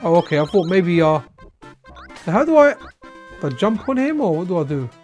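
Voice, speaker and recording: Yawning and tired, a retro-game streamer chats loosely on a live stream, rambling and repeating himself as he plays old consoles. His high-sitting voice is very animated, a little mellow and moderately paced, over soft background music.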